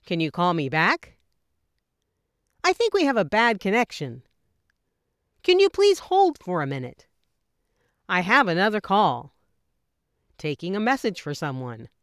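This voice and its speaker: A woman reading example phone phrases for an English lesson, with clear, measured delivery. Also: mid-range voice, fairly bright tone, dry recording, clean studio sound. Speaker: English teacher.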